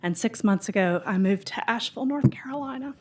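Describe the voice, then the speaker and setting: At a bookstore talk, a middle-aged woman in the audience from Mississippi and Tennessee tells a rambling personal story in a Southern drawl. Chatty and animated, she acts out quotes in a husky, mid-range voice and talks fast in the event room.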